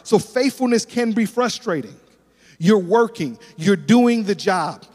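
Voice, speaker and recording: A male pastor preaching a sermon, telling animated stories and acting out the dialogue. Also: high voice, unhurried. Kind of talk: sermon with storytelling. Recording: long reverb of a large hall.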